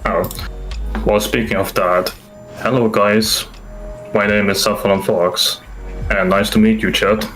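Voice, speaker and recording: A man's voice: lowish voice, flat delivery, measured pace, long pauses, a bit bright, soft background music, low-quality recording. A man with a strong foreign accent chatting casually as a guest over a voice call, rambling and repeating himself. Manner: rambling, repeats "too as well". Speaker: guest on stream. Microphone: headset over internet call.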